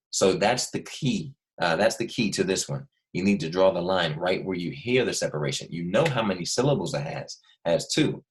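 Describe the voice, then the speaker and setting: Male teacher doing a video lesson for kids, low voice, goes over stuff again and again. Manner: patient, repeats key points slowly. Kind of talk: recorded video lesson for young students.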